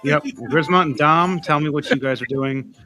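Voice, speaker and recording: A man narrating as game master of a tabletop game, animated and halting with fillers. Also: fairly high pitch, over music.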